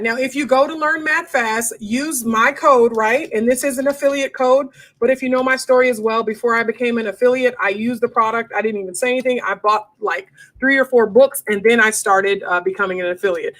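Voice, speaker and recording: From a desk in her home, a woman answers homeschooling questions on a livestream in a frank, easygoing way, calling her audience y'all. She sounds a little high and fairly bright, speaking briskly with barely a pause.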